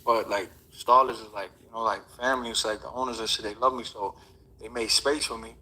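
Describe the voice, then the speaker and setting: A man's voice: on the low side, steady tone, fairly quick, sharp tone, a little hiss or hum, poor audio. Man rambling casually in slang. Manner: rambling, slangy, many fillers and restarts. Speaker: boxer. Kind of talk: casual interview chat.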